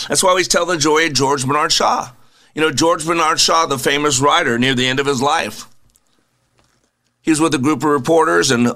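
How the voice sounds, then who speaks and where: A man's voice: on the high side, sharp tone. A man hosting a motivational radio show in an earnest, preacherly way. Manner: recites verse.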